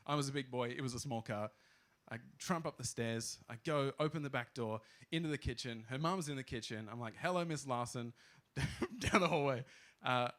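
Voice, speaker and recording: A man's voice: medium pitch, a bit bright. A young Australian man from Queensland telling a rambling, self-deprecating stand-up story with lots of fillers. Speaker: stand-up comedian.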